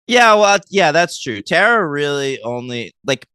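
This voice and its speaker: A man's voice: on the high side, sing-song, unhurried, pushed and bright, clear, resonant tone, no room sound, clean studio sound. A man co-hosting a podcast, chatting casually and animatedly as he recaps a TV episode, teasing his co-host and laughing often.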